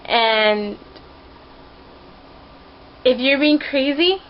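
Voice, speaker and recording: Quirky girl rambling to her viewers from her room, kinda high voice, muffled lo-fi webcam sound. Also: drawn-out words, a little hiss or hum. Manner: quirky, rambling, playful and emotional. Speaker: vlogger. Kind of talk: casual heartfelt talk to camera. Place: her own rented room.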